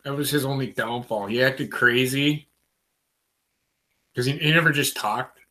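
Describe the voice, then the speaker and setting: A man's voice: medium pitch, unhurried, bright, forceful tone. A man hosting a casual livestream chat, loose and profane, talking to viewers by name. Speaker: show host.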